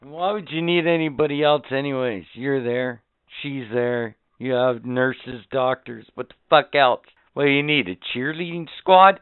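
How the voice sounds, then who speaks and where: A middle-aged man cohosting a casual podcast, giving blunt, profane fatherly advice that swings between muttered asides and loud outbursts. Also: mid-range voice, a little slow, few pauses, clean tone, no room sound. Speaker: podcast co-host. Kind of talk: casual crude banter. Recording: tinny phone-like lo-fi audio.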